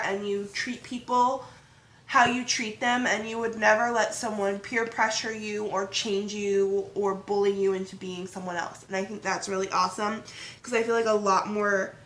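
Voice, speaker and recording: Woman vlog host, casual banter, bright higher voice, echoey room. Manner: chatty, animated, fond teasing. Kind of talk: casual chat.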